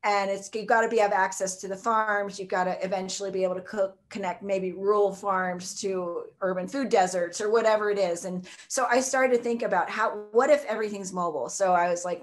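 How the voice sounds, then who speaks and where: A woman's voice: mid-range voice, fairly quick, hardly any pauses. A woman, talking enthusiastically as an interview guest, rambling with lots of fillers. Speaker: guest, food truck co-owner. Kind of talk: casual interview chat.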